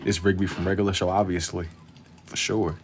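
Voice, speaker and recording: A man's voice: low voice, little pitch movement, brisk, a little hiss or hum. A young man chatting casually with viewers while drawing on a live stream, laid-back and slangy, keeping his voice down for the late night.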